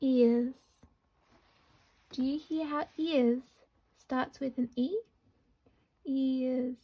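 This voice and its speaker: A woman teaching a phonics lesson to young children, slowly sounding out words syllable by syllable. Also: high voice, steady tone, a little mellow. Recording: dull lo-fi recording.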